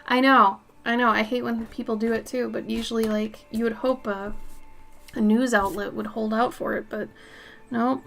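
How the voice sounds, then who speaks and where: A woman's voice: a little high, steady tone, moderate pace, vocal fry, fairly bright tone. Chatty woman streamer with sniffles. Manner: chatty, reads out and answers viewer messages, swears when she sneezes. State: sniffly from seasonal allergies. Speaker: art streamer. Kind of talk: casual chat while painting on a live stream.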